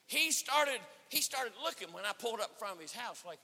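A man preaching at a conference, telling a story with acted-out dialogue and rising to shouts. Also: very high voice, a little fast. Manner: animated, acts out dialogue, swells to shouting. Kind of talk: sermon storytelling. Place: church or conference hall. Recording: reverberant hall.

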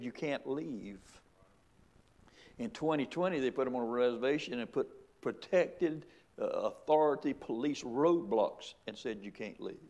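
A middle-aged man preaches a sermon from the pulpit. He drives his points with repeated rhetorical questions and emphatic restarts. His voice sits at an ordinary middle pitch. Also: a little mellow. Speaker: pastor.

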